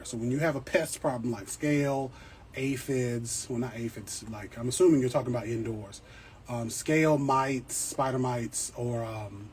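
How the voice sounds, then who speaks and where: Man, plant host, casual live chat, jokey, mid-pitched, faint hum behind. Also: darkish tone. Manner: chatty, joking, keeps checking in with "right?". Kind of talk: casual livestream chat answering viewer questions. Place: home indoors with plants.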